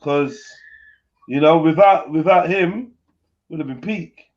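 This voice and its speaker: A man's voice: a little high, takes it slowly, darkish tone, lo-fi sound. A man hosting a live panel chat, blunt and slangy in his reactions. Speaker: host.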